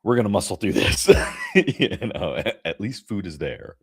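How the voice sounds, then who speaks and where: A young man with a very low voice tells an animated story, full of fillers and laughter. The sound is dry and close, like a video call. He talks casually, as one actor chatting with another. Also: measured pace, gravelly, breathy edge, no room sound. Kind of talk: casual chat. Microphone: remote video call.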